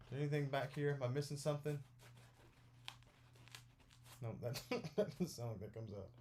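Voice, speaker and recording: Brief: young male vlogger, mid-pitched, casual excitable unboxing chatter, light background hiss. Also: normal speed. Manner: rambling and excitable, full of fillers like "like".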